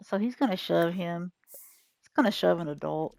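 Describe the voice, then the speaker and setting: A woman's voice: fairly low pitch, lively intonation, moderate pace, gravelly, a little mellow, no echo. Chatty woman narrating a life-sim game. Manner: chatty, retelling the game's events. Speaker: gaming YouTuber. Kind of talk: casual gameplay commentary.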